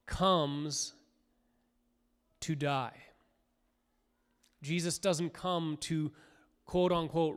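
Preacher man with a clear voice in a reverberant hall. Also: a little high. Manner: earnest, rising to fervent cries when voicing the crowd. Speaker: pastor. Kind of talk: sermon.

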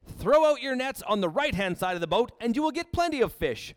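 A man's voice: very high-pitched, sing-song, a little fast, pitched above the performer's own voice. A man voicing Jesus as he calls out across the water, reading aloud in a sermon. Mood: calling. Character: Jesus, calm adult man calling out.

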